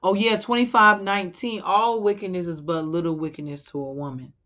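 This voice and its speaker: A woman's voice: on the low side, fairly even intonation, fairly quick, bright, forceful tone, dull audio. A woman giving an informal sermon to the women of her congregation, talking casually and stopping now and then to check a scripture reference. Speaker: women's teacher in a religious congregation.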